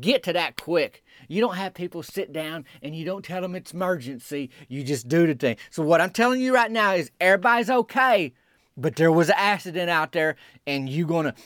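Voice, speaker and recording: A man hosting a podcast, talking in a folksy, rambling, excitable comic monologue. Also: a little high, no room sound, clean studio sound. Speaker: podcast host.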